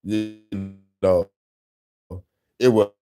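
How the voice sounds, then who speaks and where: A man's voice: on the low side, steady tone, very slow, mellow, clean tone, soft background music. Profane laughing man chatting casually. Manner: profane, boastful, laughs often. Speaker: host. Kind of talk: casual podcast talk.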